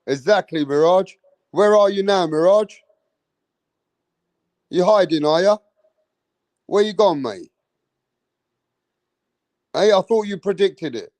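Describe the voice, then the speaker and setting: A cocky man runs a casual boxing live stream, swearing freely and calling out his viewers. His voice sits a little high for a man. The sound is close and dry with no room echo. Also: a little mellow. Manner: boastful, brash and profane, addressing the chat. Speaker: boxing channel host.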